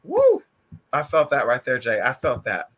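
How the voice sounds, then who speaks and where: A man chatting casually on a stream, sassy and animated, calling listeners honey and girl, swearing freely as he tells stories. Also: mid-range voice, normal speed. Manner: profane and emphatic. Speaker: spiritual vlogger. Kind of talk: casual livestream chat.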